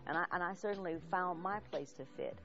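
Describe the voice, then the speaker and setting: A woman's voice: fairly low pitch, a little fast, fairly bright tone, lo-fi sound, faint music behind. A middle-aged woman poet talking thoughtfully in an interview about her path into poetry. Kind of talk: reflective interview.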